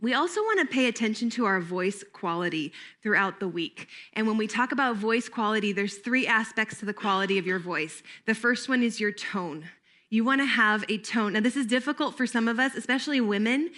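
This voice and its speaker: Bright, lively woman leading a workshop. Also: on the high side, a little fast. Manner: lively, conversational, engages audience with questions. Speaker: camp staff trainer. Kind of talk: workshop training talk.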